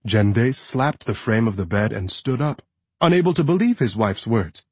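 A man reading a novel aloud as narrator, measured and expressive. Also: mid-range voice, husky, no room sound. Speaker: audiobook narrator. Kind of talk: scripted narration.

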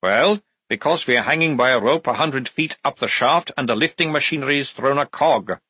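A man's voice: medium pitch, a little fast, pushed and bright, husky, no echo, pitched above the performer's own voice. A man reading an audiobook, voicing a fussy, rule-bound male corporal. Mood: reassuring. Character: nervous male corporal on guard duty.

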